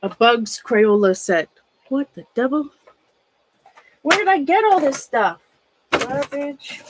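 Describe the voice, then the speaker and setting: A middle-aged woman chats casually on a livestream, her voice sitting a little high. She sounds nervous and a bit shaky, rambling on and greeting viewers by name as she sorts through her things. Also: very animated, slow, noisy background. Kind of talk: casual livestream chat while sorting a closet.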